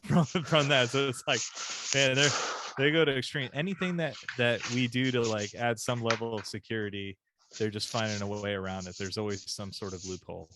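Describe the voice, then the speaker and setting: A man co-hosting a podcast in casual chat, excitable, stumbling over repeated words and laughing as he talks. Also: medium pitch, brisk, a little hiss or hum. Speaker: podcast co-host.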